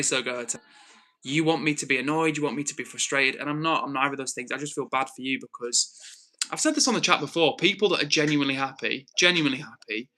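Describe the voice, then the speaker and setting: A young man with a Northwest English accent hosting a live stream, reading chat and calmly, earnestly lecturing a troll with many restarts. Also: medium pitch. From Northwest England. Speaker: livestream host.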